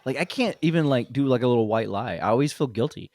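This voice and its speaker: A man's voice: mid-range voice, expressive, quick pace, a little mellow, no room sound, studio quality. A man hosting a comedy podcast, talking in a rambling way with many fillers and frequent laughs. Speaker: podcast host. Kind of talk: casual comedy podcast chat.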